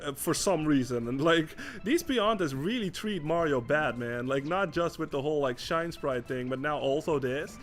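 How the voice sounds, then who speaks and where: A man's voice: on the high side, expressive, normal speed, hardly any pauses, soft background music. A young man from the Netherlands chatting casually over gameplay, swearing often and restarting his sentences in exasperation. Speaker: gaming streamer.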